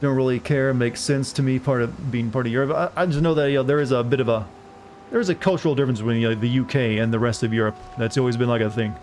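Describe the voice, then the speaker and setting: A man's voice: mid-range voice, steady tone, quick pace, a little mellow, a little hiss or hum. A young man from the southern United States, a streamer chatting casually and rambling as he plays, swearing now and then. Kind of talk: casual chat while gaming.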